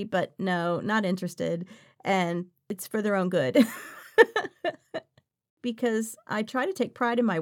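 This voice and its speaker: A woman voice actress answering interview questions in a frank, playful way, often laughing. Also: medium pitch.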